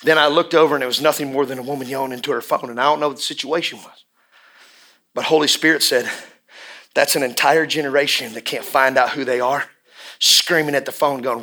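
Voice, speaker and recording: A man preaching a sermon, with impassioned swings from hushed lines to shouts and drawn-out emphatic repetitions. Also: mid-range voice, fairly even intonation. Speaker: pastor.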